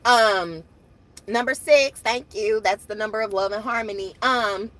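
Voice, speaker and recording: A woman's voice: medium pitch, measured pace, a bit bright. A woman hosting her own channel, chatting casually and animatedly to viewers, laughing often. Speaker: channel host.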